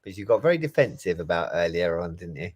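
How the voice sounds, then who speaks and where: A man's voice: low voice, sing-song, fast talker, slightly rough, no room sound. A man co-hosting a casual live chat, teasing and bantering. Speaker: co-host.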